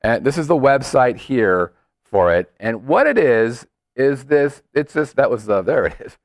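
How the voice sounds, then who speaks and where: Male co-host, jokey and animated, lively pitch, dry close mic. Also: a little slow, dry recording. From Las Vegas. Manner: joking, playful, animated. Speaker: podcast co-host. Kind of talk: casual chat.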